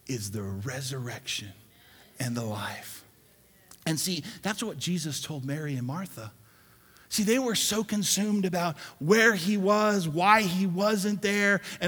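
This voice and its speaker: A man preaches in a bright, ringing voice that sits a little high and moves at an unhurried pace. He swings from loud calls for the crowd to repeat after him down to hushed near-whispers. A long reverb trails his words through a large church hall. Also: slightly rough. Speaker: pastor. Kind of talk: sermon.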